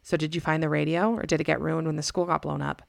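A woman's voice: deep voice, little pitch movement, fast talker, gravelly, no room sound, studio quality. A woman voicing an earnest, tearful young girl who pleads to be heard. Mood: pleading.

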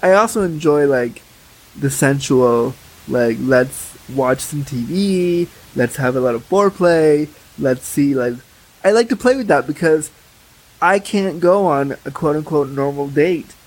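Frank, chatty young man, slightly high. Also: measured pace, poor audio. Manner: frank, chatty, with many fillers. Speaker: podcast guest. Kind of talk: candid casual conversation.

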